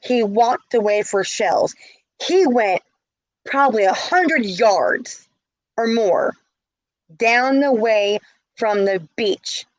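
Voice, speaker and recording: Slow-talking indignant woman. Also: a little high, expressive, dry recording, poor audio. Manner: heated, indignant. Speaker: vlogger. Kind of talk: casual storytelling rant.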